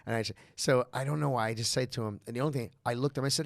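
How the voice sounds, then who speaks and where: A man's voice: mid-range voice, rapid-fire, vocal fry, hardly any pauses, dry recording, studio quality. A man, casually telling a story on a podcast, rambling with fillers and perking up when he quotes people. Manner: rambling with many fillers, lively when quoting others. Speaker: podcast co-host.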